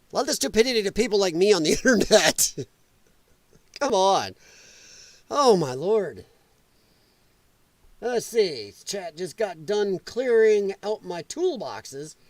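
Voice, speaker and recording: A middle-aged man from Illinois hosting a live political stream, his voice sitting high and swinging widely up and down. He is profane and mocking and laughs a lot between jabs. The sound is dry and close, with no room around it. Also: no room sound. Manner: animated, drops into sarcastic mimicking voices.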